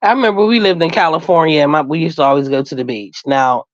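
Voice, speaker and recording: A woman's voice: low voice, quick pace, no room sound, muffled recording. Frank, laughing woman telling a story. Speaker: co-host. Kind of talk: casual chat on a live stream.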